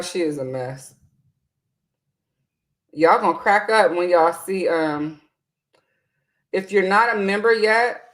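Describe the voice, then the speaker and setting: Brief: unhurried woman vlogger, somewhat low voice, casual and chatty. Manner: chatty, reads viewer comments aloud, laughs often. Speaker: beauty vlogger. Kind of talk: casual makeup tutorial chat.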